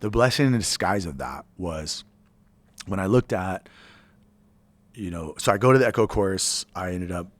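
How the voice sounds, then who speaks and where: Low-pitched man in his forties, blunt profane veteran rambling through a story in an interview. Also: expressive, normal speed, long pauses. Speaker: podcast guest, army veteran.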